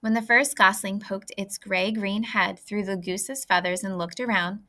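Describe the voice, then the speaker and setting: A woman reading a children's book aloud in a clear, lively way. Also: medium pitch, normal speed. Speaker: reader. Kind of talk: storybook read-aloud.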